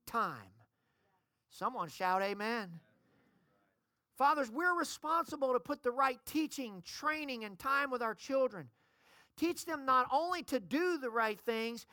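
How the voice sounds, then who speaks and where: A woman pastor delivers a sermon with a bright, fairly high voice. She preaches with conviction and keeps asking the congregation for amens. The sound is dry and close. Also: dry recording.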